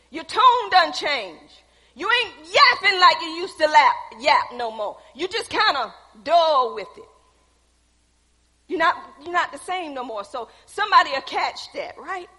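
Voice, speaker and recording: A woman preaching a testimony sermon, calling out to her congregation and swinging from hushed tones to loud exhortation. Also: sits high, in a large hall, poor audio.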